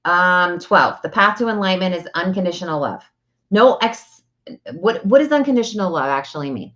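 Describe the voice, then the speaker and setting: A woman with a fairly low voice talks straight to her listeners about energy healing. Her manner is earnest and direct, and she keeps answering her own rhetorical questions. The audio is dull and lo-fi. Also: expressive, brisk, fairly bright tone. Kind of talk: casual spiritual talk to camera.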